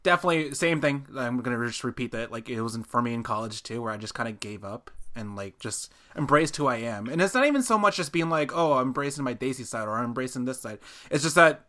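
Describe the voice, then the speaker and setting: Bright-voiced man in animated podcast chat. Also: mid-range voice, quick pace, few pauses. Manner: animated storyteller, drops to quiet asides. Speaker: podcast host. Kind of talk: casual chat.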